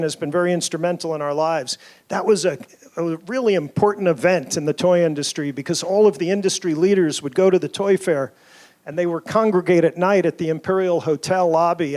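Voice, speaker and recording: A toy inventor giving a keynote speech at a conference, telling stories from his career in an earnest, measured way. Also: high-pitched, a little mellow. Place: conference hall.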